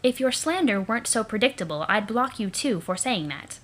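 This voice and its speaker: A poised young female troll , voiced by a woman reader, answers with cool, dry sass. She stays composed and precise even while she mocks someone. She sounds like a sharp heroine from a webcomic. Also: on the high side, moderate pace.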